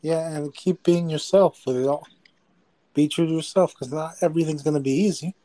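A man's voice: fairly high pitch, a little fast, warm tone, low-quality recording. Emphatic man giving motivational talk. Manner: emphatic, preachy, repeats lines for effect. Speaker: host. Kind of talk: live motivational talk show.

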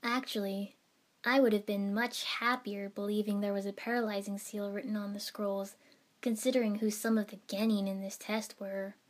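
A woman narrating a story in the first person. She reads in an even, steady manner, moving the tale along between the dialogue. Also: medium pitch, normal speed.

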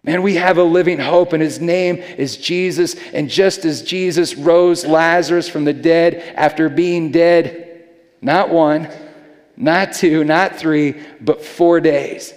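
A man's voice: on the high side, fairly even intonation, slow pace, darkish tone. Earnest preaching man in a reverberant hall. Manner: conversational, earnest, with frequent repeated words and "man". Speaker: pastor. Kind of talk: sermon.

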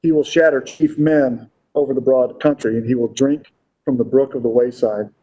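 A man's voice: mid-range voice, fairly even intonation, moderate pace, mellow, dull audio. A man preaching a Bible-teaching sermon. He reads scripture aloud, explains it, and asks his listeners frequent rhetorical questions. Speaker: pastor.

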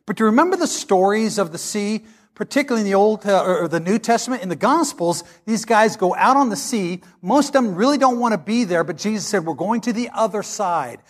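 A man's voice: high voice, brisk. A male pastor preaching a sermon, telling stories in a folksy, emphatic way. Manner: animated storytelling, folksy and emphatic.

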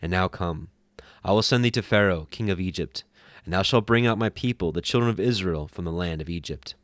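A man reads out the solemn voice of God from a burning bush, low, slow and commanding. It is a storybook reading in a dry, close sound with no room around it. The tone stays grave and steady throughout. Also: dry recording.

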